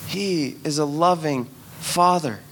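High-voiced man preaching a sermon. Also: takes it slowly, a little hiss or hum. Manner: animated storytelling, urging the audience. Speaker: pastor.

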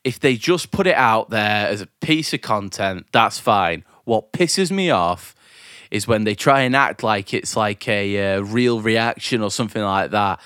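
A man's voice: lowish voice, expressive, a little slow, a bit bright, clean tone, no room sound, clean studio sound. A man from Britain ranting in casual chat, swearing a lot and laughing often.

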